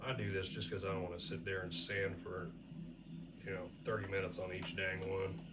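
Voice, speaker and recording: A man with a low, fairly flat voice teaches pottery at the wheel in his studio, speaking at a moderate pace over heavy background noise. His casual hands-on demo is offhand and folksy, sprinkled with playful sound words.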